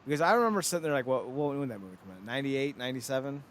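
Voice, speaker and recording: A man's voice: mid-range voice, very fast, a little hiss or hum. A man in his thirties hosting a podcast, chatting casually and joking with lots of laughter. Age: 30s. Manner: animated, joking, laughs often. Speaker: podcast host. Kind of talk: casual chat.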